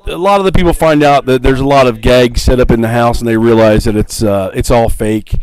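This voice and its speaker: A man talks casually through a movie plot on a podcast, filling gaps with ums and quick laughs. His voice sits at an ordinary pitch and sounds close and dry, with no room around it. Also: clear, resonant tone, dry recording, low-quality recording. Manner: rambling, laughs often, many fillers. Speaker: podcast co-host. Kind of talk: casual movie review chat.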